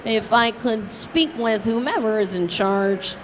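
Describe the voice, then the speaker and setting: A woman's voice: a little high, lively intonation, unhurried, long reverb tail, slight background noise. A woman putting on a stern formal tax officer. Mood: officious.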